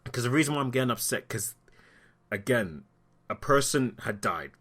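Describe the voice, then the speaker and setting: A man speaking his mind into the camera in a vlog, heated and openly upset. His pitch swings widely, leaping up in sarcastic outbursts and sinking low when he pulls back. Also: lively intonation, moderate pace, fairly bright tone. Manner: talks through being upset, voice dropping low at times. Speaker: vlogger. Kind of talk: impassioned opinion commentary.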